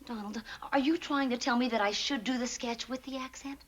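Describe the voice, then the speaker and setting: A flustered young actress. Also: female voice, sits high, steady tone, a little fast, fairly bright tone, dull audio. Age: young adult. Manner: stammering, earnest. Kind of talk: 1960s sitcom acting.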